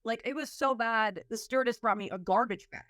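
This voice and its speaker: A woman's voice: fairly high pitch, fairly quick, fairly bright tone, dry recording, studio quality. A woman hosting a podcast in casual chat, telling a story with lots of laughter and acting out her own reactions. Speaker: podcast host.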